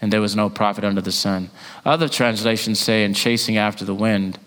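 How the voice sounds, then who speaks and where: A man of Jamaican heritage preaching a sermon, swinging from loud rising calls to hushed near-whispers. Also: on the low side, fairly even intonation, fairly quick. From Jamaican family. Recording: long hall reverb.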